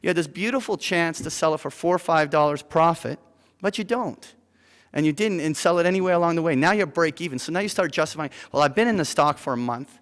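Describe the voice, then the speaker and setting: A man leading a live investing seminar in front of an audience, telling an animated story with many fillers and "right?" tag questions. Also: a little high, fast. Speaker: seminar instructor. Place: lecture room with an audience. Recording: reverberant lecture hall.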